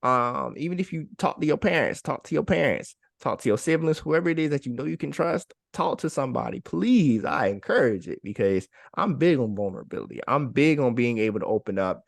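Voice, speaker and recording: A man's voice: mid-range voice, expressive, fairly quick, vocal fry, hardly any pauses, no room sound, clean studio sound. A man co-hosting a podcast, speaking in an encouraging way and repeating phrases for emphasis. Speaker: podcast co-host. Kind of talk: casual heartfelt chat.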